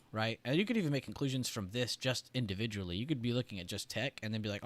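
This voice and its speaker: Chatty man clearing his throat. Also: lowish voice, very fast, hardly any pauses, a bit bright. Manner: loose and chatty, heavy on "like" and "right?". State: throat irritated, choking up. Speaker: trading stream host. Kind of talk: casual livestream explanation.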